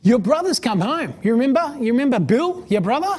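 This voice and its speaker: A woman playing a chatty household servant, passing on the news in a gossipy way. The voice is slightly husky, told within a sermon. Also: on the high side, sing-song, a little fast, a little mellow, voice pushed up.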